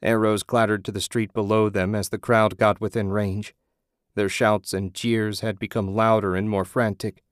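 A man giving steady, measured scripted narration of an audiobook. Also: on the low side, dry recording, clean studio sound.

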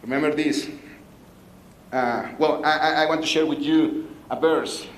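A man's voice: on the high side, steady tone, unhurried, echoey room, a little hiss or hum, rough recording. A man preaching a sermon, playful and joking with his congregation. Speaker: pastor. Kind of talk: sermon with jokes.

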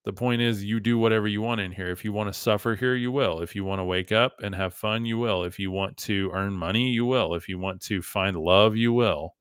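A man's voice: on the low side, steady tone, brisk, few pauses, fairly bright tone, clear, resonant tone, dry recording, clean studio sound. A man hosting a podcast in a casual, emphatic monologue, often saying "like" and talking to his listeners as "guys". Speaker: podcast host.

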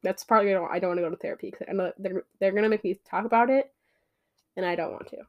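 A woman's voice: mid-range voice, dull audio. A young woman in her twenties co-hosting a podcast, talking frankly and bluntly in casual chat. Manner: frank, blunt, fast and chatty. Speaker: podcast co-host.

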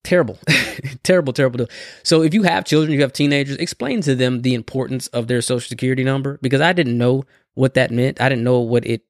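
A man's voice: mid-range voice, quick pace, no echo, clean studio sound. A man hosting a podcast in casual solo talk, conversational, often tagging his sentences with "right?" and laughing now and then. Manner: conversational, keeps adding "right?" as a tag. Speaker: podcast host.

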